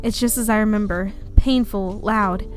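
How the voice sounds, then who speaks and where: A woman's voice: medium pitch, fairly even intonation, normal speed, soft background music. A woman hosting a let's play at home, reading a story game aloud in a chatty, giggly, easily sidetracked way. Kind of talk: casual narration and chat. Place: home room.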